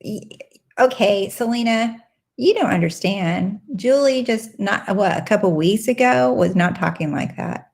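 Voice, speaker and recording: A woman, likely in her thirties, hosting a casual live-stream Q&A and chatting warmly and excitedly with viewers. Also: a little slow, creaky, slightly rough. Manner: bubbly, animated, with squealing excited highs. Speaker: live Q&A host and coach.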